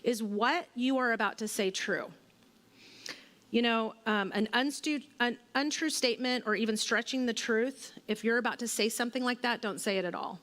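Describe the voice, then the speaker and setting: A woman's voice: a little high, moderate pace, a bit bright. Conversational woman speaking in a reverberant hall. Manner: conversational, relatable, with personal anecdotes and fillers. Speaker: women's ministry speaker. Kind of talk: church teaching talk. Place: church hall.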